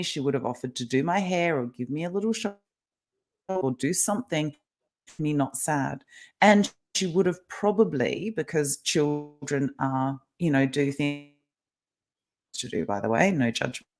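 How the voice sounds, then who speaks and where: A woman's voice: low-pitched, normal speed. A middle-aged woman guest explaining ideas in a casual interview over a video call, talkative and laughing often. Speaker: guest, kinesiologist and life coach.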